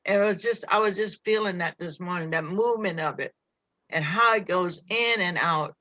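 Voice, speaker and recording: A woman speaks earnestly on a community call, sharing reflections and circling back as she searches for words. Her voice is bright and clear. It sounds close and dry. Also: lowish voice, normal speed, no echo. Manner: earnest, searching, with many restarts. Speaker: call participant.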